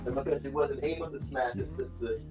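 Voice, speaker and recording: A man's voice: mid-range voice, steady tone, a little fast, over music. A man on a live-stream panel who cuts in with laid-back, slangy, profane storytelling.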